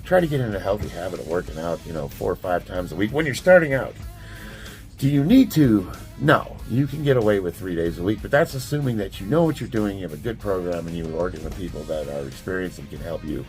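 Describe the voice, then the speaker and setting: A man's voice: low voice, animated, quick pace, darkish tone, faint music behind. A man giving blunt, plainspoken life advice in a casual talk to camera.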